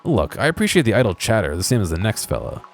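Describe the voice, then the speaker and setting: A man voicing a cheerful, smooth-talking male alderman of a small farming town in a video game, reading the lines in his own plain voice. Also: fairly low pitch, big pitch swings, quick pace, soft background music, voice pushed up.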